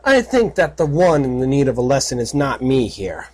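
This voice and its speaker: A man's voice: mid-range voice, big pitch swings, moderate pace, darkish tone. A man voicing a smug, sinister female pony creature in a fan audiobook, talking in a sarcastic, offhand way. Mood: annoyed.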